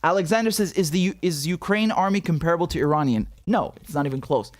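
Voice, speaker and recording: Male live-stream host, higher voice, profane and blunt, reading chat on a dry close mic. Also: fast talker, no room sound. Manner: blunt, profane, animated, with many repeated words. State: has a headache. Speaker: political commentator hosting a live stream.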